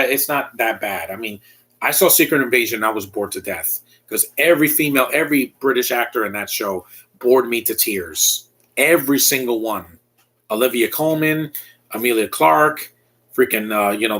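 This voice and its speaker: Man, casual online reviewer, blunt opinions, rambling, stop-start phrasing, mid-pitched voice. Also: fairly bright tone, slightly rough. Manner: rambling and blunt, with frequent restarts. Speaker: YouTube reviewer.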